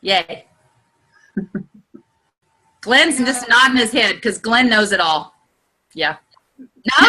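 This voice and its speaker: Excitable high-voiced woman leading a call. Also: slow pace, pauses often, slightly rough. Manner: earnest and encouraging, building to heartfelt pep talk. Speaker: group leader. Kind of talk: motivational video-call coaching session. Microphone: video call.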